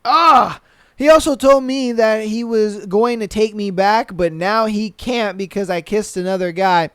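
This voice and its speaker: A young man hosting a podcast, reading listener stories aloud and reacting with animated, profane commentary. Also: high voice, a little slow, smooth, no echo, studio quality. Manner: animated, swears a lot, mocks with put-on quotes. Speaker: podcast host.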